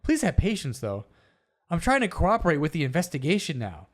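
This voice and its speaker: Male comedy podcast co-host, animated and jokey, slightly high voice that swings widely in pitch. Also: a little fast. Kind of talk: casual comedic chat, reading posts aloud.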